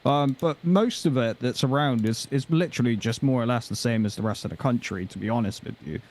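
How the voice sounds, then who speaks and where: A man's voice: mid-range voice, brisk, darkish tone. A man from Dorset, England, chatting as a guest on a video call, hesitant with many fillers. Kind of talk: casual chat.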